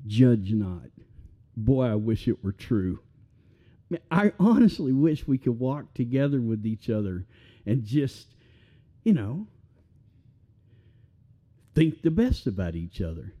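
A man preaching a sermon as pastor, conversational and animated, with self-deprecating humor. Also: medium pitch, takes it slowly, pauses often.

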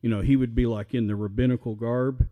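A middle-aged pastor preaching a sermon in a relaxed, conversational way, often checking in with his listeners. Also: mid-range voice, fairly quick, narrow, tinny audio. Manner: conversational, asks the audience questions.

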